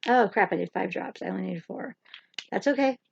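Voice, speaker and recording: A woman's voice: mid-range voice, a little fast, gravelly, breathy edge. A woman hosting a chatty livestream makeup tutorial, rambling and teasing herself as she works. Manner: rambling, joking, self-teasing. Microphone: camera or phone livestream. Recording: dull lo-fi sound.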